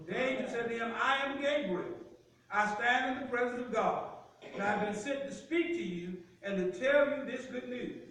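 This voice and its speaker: A man preaching from the pulpit in a high, bright, forceful voice. His call-and-response sermon swells to shouts, and the room throws back a heavy echo. He sounds distant from the microphone. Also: moderate pace, slight background noise. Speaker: pastor. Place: church sanctuary. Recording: echoey church sanctuary from far off.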